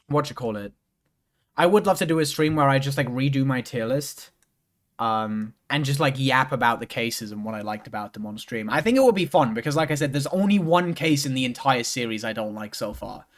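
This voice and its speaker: A man's voice: mid-range voice, animated, moderate pace. A young man streaming a game, chatting casually and rambling with lots of restarts and swearing. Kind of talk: casual chat while playing a game.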